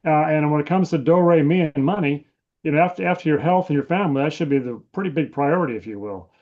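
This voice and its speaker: A man who wrote a book explains his view as a talk show guest in a brisk, folksy way. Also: a little high, phone-quality sound. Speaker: author guest. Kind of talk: casual chat.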